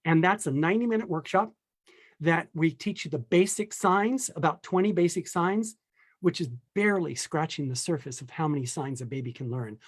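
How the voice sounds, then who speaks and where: A middle-aged man, a sign language instructor, talking casually and lively on a video call, often acting out quotes in voices. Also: on the high side, moderate pace.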